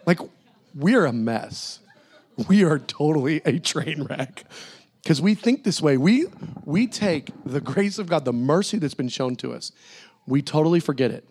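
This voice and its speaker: Animated high-voiced preacher. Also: male voice, measured pace, slightly rough. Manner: animated, acts out Bible figures in casual voices. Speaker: pastor. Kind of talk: sermon.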